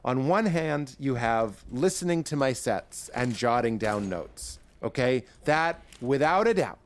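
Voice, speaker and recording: A man's voice: medium pitch, expressive, a little slow. A man, a stand-up comedian, talking as a guest on a podcast, riffing animatedly and acting out his own bits in character voices. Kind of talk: podcast interview chat.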